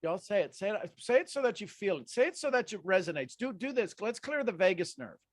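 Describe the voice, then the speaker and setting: A man coaching a group on a video call, energetic and repeating his commands over and over. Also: high-pitched, fairly quick, no room sound, studio quality. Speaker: life coach.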